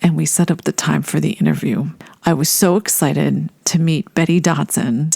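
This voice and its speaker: A woman telling a personal story in an animated way, laughing often as she recalls a first meeting. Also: low voice, normal speed, vocal fry, no room sound, studio quality.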